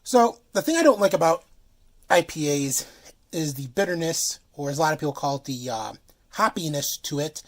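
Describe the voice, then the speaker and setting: A man's voice: on the high side, lively intonation, normal speed. A man casually reviewing beers on his channel, frank and full of fillers. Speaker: beer reviewer.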